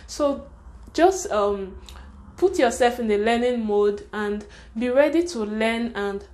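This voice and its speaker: Young woman, Nigerian accent, higher voice, fast and chatty, frank advice, casual vlog. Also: expressive, darkish tone. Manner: chatty, fast, frank, with frequent laughter and "sha". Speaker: vlogger.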